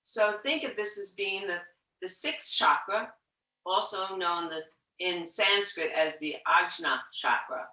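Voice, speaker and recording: A woman teaching a yoga class, talking slowly and gently, sometimes dropping to a whisper to show the breath. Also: lowish voice, far from the mic. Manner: slow, gentle guiding with soft whispered breath demos. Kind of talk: guided yoga instruction. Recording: echoey room, voice from off-mic.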